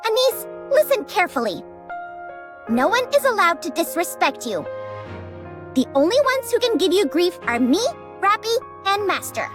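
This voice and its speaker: A fiery young woman manager insists and scolds in a very high, lively voice. She talks bossy and indignant, never backing down. Game music plays clearly under her lines. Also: normal speed. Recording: game dialogue over music.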